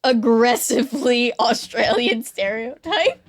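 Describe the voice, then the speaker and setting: A woman hosts a casual podcast chat in a somewhat high voice. She is sarcastic and laughs often, with plenty of fillers and restarts. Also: lively intonation, takes it slowly. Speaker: podcast host. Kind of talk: casual chat about a novel.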